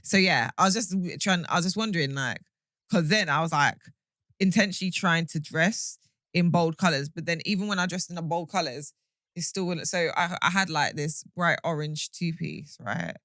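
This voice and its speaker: A woman's voice: fairly low pitch, moderate pace, a bit bright, dry recording, studio quality. A young woman, co-hosting a podcast in casual chat, telling stories with rambling asides and self-corrections. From England. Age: young adult. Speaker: podcast co-host.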